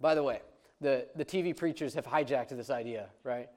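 A man's voice: medium pitch, moderate pace, a little mellow. A man preaching a sermon as a pastor, conversational and emphatic, with frequent restarts.

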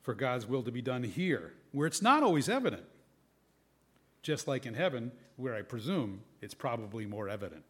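A male preacher delivers a sermon in an easygoing, conversational manner. He reads scripture passages aloud and then muses on them, shifting his emphasis as he goes. His voice sits at an ordinary middle pitch for a man. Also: very animated, moderate pace, slightly rough.

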